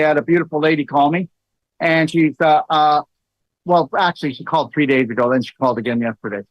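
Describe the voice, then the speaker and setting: Chatty man, slightly high voice, dull dry sound. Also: dry recording. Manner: storytelling, many fillers, rising into animated quoted lines. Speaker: host. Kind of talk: casual livestream talk.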